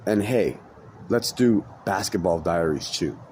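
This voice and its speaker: A podcast host with a deep, slightly mellow voice tells a rambling, profane story at a measured but animated pace. He keeps breaking off mid-sentence and starting over in this casual chat, with noise in the background.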